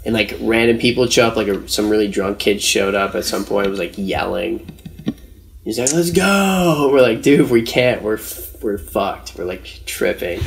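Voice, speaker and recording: A man's voice: on the low side, steady tone, moderate pace, vocal fry, hardly any pauses. A young man telling a rambling story in casual podcast chat, with lots of slang and fillers. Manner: rambling, slangy, says "dude" and "like" often.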